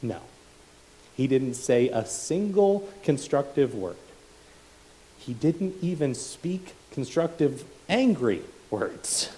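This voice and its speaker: A male preacher giving a sermon, building to loud, emphatic rhetorical questions. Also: medium pitch, very animated, takes it slowly, low-quality recording.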